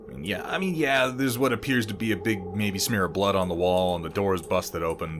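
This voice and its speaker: A man's voice: sits low, a little fast, hardly any pauses, noisy background. A man giving casual, sardonic and profane commentary while playing a video game. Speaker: let's play host.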